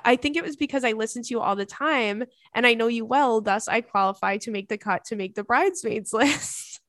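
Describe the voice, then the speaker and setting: A woman's voice: fairly high pitch, no echo, studio quality. A young woman hosting a podcast, reading listener emails aloud in casual chat and gushing over them. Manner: gushing, effusive, frequent "oh my God". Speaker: podcast host.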